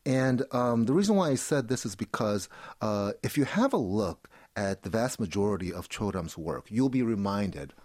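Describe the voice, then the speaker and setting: A man's voice: lowish voice, expressive, moderate pace, darkish tone, no room sound, clean studio sound. Man explaining art, keeps asking "right?". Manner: keeps checking in with "right?", many fillers and restarts. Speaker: art commentator guest. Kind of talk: explanatory interview talk. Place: studio in Seoul.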